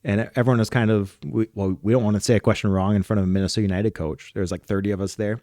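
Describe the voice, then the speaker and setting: A man's voice: lowish voice, steady tone, very fast, warm tone, dry recording, clean studio sound. A man co-hosting a soccer podcast, explaining technique while demonstrating it in a casual, instructional way. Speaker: soccer coach and podcast co-host.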